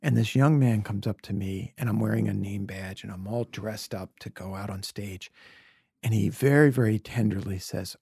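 Gravelly, husky man telling heartfelt stories. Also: on the low side, moderate pace, dry recording, clean studio sound. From Brooklyn. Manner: earnest, emotional storytelling with soft whispered asides. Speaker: podcast guest. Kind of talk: reflective conversation.

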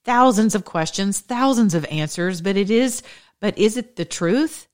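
A woman's voice: mid-range voice, expressive, measured pace, darkish tone. A woman hosting her own show, delivering a passionate, preachy monologue of religious political commentary. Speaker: show host.

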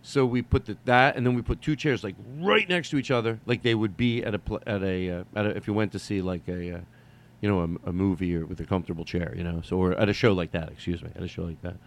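Deep-voiced and fast-talking, this male vlogger rambles through a casual solo monologue for his viewers, drifting off on digressions, swearing casually, and leaning heavily on fillers.

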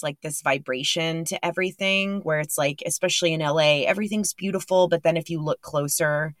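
Low-voiced young woman, rambling and candid. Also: a bit bright, no echo. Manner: rambling, candid, profane, self-deprecating. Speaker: podcast host. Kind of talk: casual monologue and interview.

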